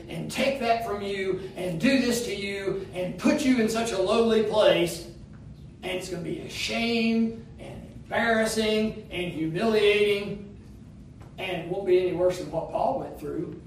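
The sermon is emphatic, its rising phrases sliding into half-singing, delivered by a man with a high-pitched voice. The distant mic in the echoey church sanctuary carries a little hiss or hum.

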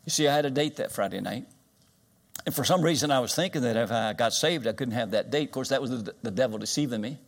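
A man's voice: medium pitch, fast. An older man from Kentucky, preaching a sermon in a folksy, plain-spoken storytelling way.

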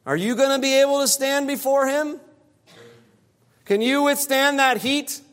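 High-voiced preacher in a reverberant hall. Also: male voice, unhurried, a bit bright. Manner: emphatic, repeats phrases for stress. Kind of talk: expository sermon.

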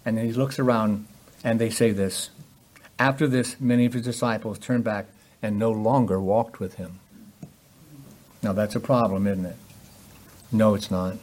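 A man's voice: lowish voice, steady tone, normal speed, long pauses, darkish tone. A man preaching a sermon, emphatic and full of rhetorical questions, acting out the voices in the passages he quotes.

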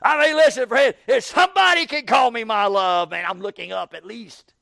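A man preaching an evening sermon in a folksy way, repeating words and building up to shouted questions. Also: very high voice, normal speed, gravelly, no room sound, studio quality.

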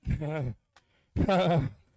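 A man preaching a revival sermon in a tent, moving between low, quiet talk and chanted, shouted peaks. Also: drawn-out words, dry recording, poor audio.

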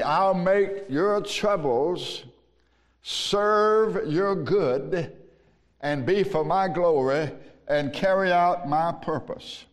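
Man, Southern US accent, pastor's sermon, very slow and emphatic, long hall reverb. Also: high-pitched.

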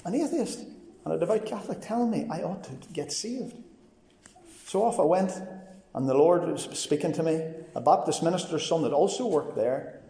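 Man, personal testimony sermon, earnest storyteller, mellow voice, fairly high pitch, long hall reverb. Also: lively intonation, normal speed, gravelly. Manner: earnest storytelling, quoting others in dialogue. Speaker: preacher giving his testimony.

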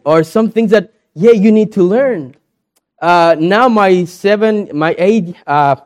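A man's voice: high voice, darkish tone. A man from South America, a pastor preaching a sermon in earnest, repeated phrases, with a young daughter.

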